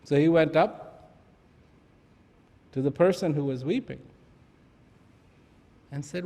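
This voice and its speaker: A high-voiced man tells a parable to an audience. He takes his time, pausing between phrases. His words ring on in a long hall reverb. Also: warm tone. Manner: slow, deliberate narration. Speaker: storyteller.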